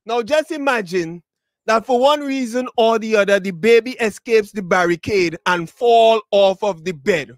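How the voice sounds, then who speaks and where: A high-pitched man from Tobago preaches a funeral sermon on a dry recording, speaking directly to the mourners. He repeats his words and builds up to shouted, drawn-out phrases.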